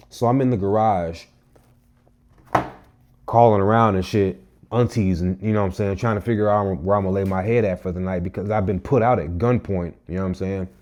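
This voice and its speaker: A young man with a low, warm, mellow voice tells a personal story straight to camera. He delivers it in a casual, animated way, punching key lines with emphasis and plenty of cursing. It sounds like an everyday vlog monologue. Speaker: vlogger.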